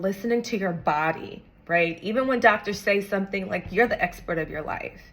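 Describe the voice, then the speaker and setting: A woman's voice: mid-range voice, a little fast, few pauses. A young woman talking earnestly to camera, encouraging viewers with casual slang. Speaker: vlogger sharing a personal story. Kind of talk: heartfelt talk to camera.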